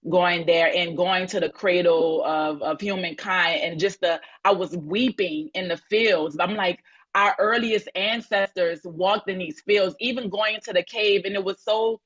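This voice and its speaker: A woman's voice: fairly low pitch, steady tone, measured pace, a bit bright, slightly rough. Effusive rambling woman from New Orleans. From New Orleans, USA. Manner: effusive, rambling storyteller with many restarts. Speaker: audience speaker on a live audio chat. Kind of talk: casual chat. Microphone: phone in an audio-chat app. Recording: lo-fi online audio-room sound.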